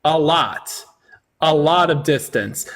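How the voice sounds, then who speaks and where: A man's voice: fairly high pitch, expressive, takes it slowly, a bit bright. A man hosting a livestream debate, sarcastic and mocking as he talks down to callers.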